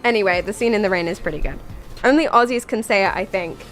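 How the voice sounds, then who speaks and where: A woman's voice: medium pitch, quick pace, faint music behind. A young British woman streaming a game, chatting casually with viewers in a rambling, jokey, tangential way while sounding tired.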